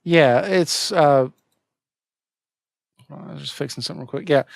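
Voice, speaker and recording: Male podcast co-host, casual halting delivery, dry close sound. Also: on the high side, vocal fry, no echo. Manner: hesitant, many fillers and restarts. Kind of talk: casual game discussion.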